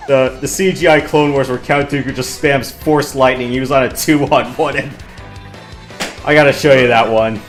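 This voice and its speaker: A man hosting a casual let's-play, chatting with friends in a relaxed, rambling way while he plays. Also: medium pitch, normal speed, soft background music. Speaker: game player and host. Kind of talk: casual gameplay commentary.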